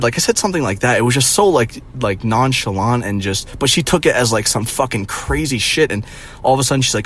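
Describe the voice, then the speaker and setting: A man's voice: mid-range voice, animated, brisk, fairly bright tone, slight background noise. A young man ranting casually to his viewers, rambling with lots of fillers and swearing. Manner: rambling, profane, heavy on "like". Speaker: vlogger. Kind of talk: casual vlog rant.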